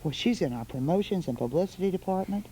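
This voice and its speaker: A woman's voice: fairly low pitch, expressive, quick pace, mellow, slight background noise, low-quality recording. A woman hosting a holiday television show in a studio, coaxing small children with sing-song questions. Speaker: television host.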